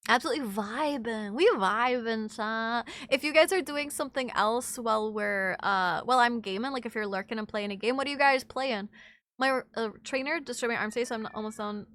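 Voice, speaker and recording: A woman's voice: fairly high pitch, fairly quick, a bit bright, no room sound. A woman streamer chatting casually with her live chat, reading messages aloud, swearing freely, and sounding a little under the weather. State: a bit sick.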